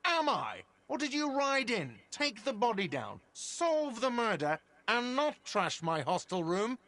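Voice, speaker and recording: A man's voice: on the high side, very animated, measured pace, bright, forceful tone, full character voice. A man voicing an irritable, defensive cafeteria manager in a video game, sarcastic and easily offended.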